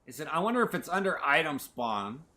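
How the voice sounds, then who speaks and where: A man's voice: a little high, big pitch swings, a little fast, pushed and bright. A man streaming a video game, rambling playfully to his chat as he plays. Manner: rambling, playful, talks to chat while playing. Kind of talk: casual gameplay commentary.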